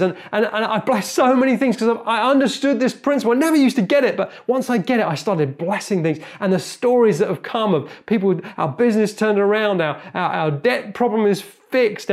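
A man preaching a sermon, earnest and animated, often repeating words as he goes. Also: sits high. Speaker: pastor.

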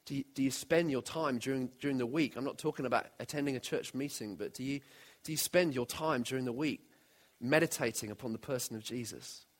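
Guy preaching a sermon, earnest, keeps asking the crowd straight questions, middle pitch. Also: brisk, hardly any pauses. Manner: earnest, asks the listeners direct questions.

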